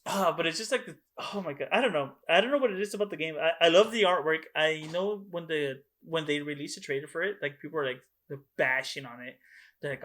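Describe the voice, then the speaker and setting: A young man co-hosting a podcast over a video call, telling stories excitedly and swearing often. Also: on the high side, fast talker. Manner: excitable, swears a lot, animated storytelling. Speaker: podcast co-host. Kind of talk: casual chat.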